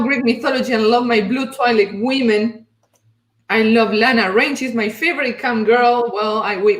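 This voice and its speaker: A woman's voice: a little high, a bit bright, slight background noise. A woman hosting a casual livestream chat, effusive and chatty as she greets viewers. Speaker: host. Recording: roomy echo.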